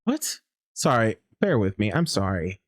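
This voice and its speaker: Slow, low-voiced man commenting on gameplay. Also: expressive. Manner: low-key, hesitant, apologetic. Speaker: gaming channel host.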